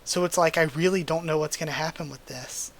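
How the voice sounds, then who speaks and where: Male reader, slightly high voice, casual and emotional, gushing between read lines. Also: steady tone, a little fast, gravelly. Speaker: manga readthrough host. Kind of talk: casual reading and commentary.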